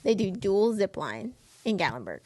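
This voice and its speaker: A woman's voice: medium pitch, sing-song, normal speed, mellow. A woman co-hosting a faith podcast, chatting in an upbeat, casual way. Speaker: podcast co-host. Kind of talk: casual chat.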